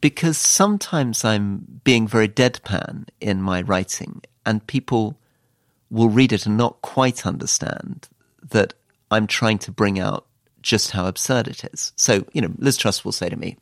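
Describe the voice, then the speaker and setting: A man's voice: fairly low pitch, measured pace, no echo. A British man, a former politician turned author, giving dry, wry interview answers. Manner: dry, wry storytelling with quoted asides.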